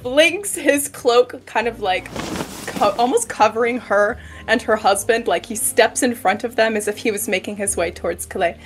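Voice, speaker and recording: A woman's voice: a little high, normal speed, soft background music. A woman playing a tabletop game, narrating her character's actions with playful asides. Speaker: player. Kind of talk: casual tabletop play.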